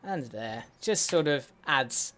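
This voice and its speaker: A man's voice: medium pitch, lively intonation, takes it slowly, a bit bright. A man giving casual game commentary as a let's play host, muttering to himself with wry, sweary asides. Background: faint in-game music.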